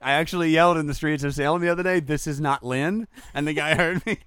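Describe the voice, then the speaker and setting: A man, chatting as a podcast co-host, telling animated stories, swearing freely and acting out what people said. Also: a little high, very fast, smooth, dry recording. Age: 40s. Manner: animated storyteller, swears freely, acts out quotes. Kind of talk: casual chat.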